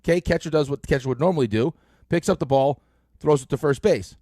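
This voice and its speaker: A middle-aged man hosting a sports radio show, telling stories in an animated way with lots of fillers, on a close studio mic. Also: on the high side, quick pace, breathy edge, no echo. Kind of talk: casual sports talk.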